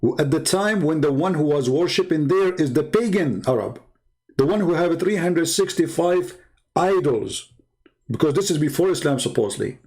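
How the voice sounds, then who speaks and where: A man's voice: fairly high pitch, lively intonation, normal speed, darkish tone. A man hosting a show, talking in a mocking, sarcastic monologue full of heated rhetorical questions. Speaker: show host. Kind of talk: monologue commentary.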